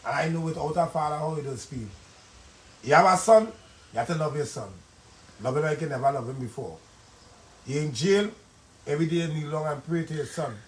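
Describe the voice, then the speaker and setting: A man's voice: fairly high pitch, fairly quick, long pauses. Earnest Trinidadian man, roomy live-stream sound. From Trinidad and Tobago. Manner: earnest, pleading, rambling in dialect. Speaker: guest telling his life story. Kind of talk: emotional live-stream testimony.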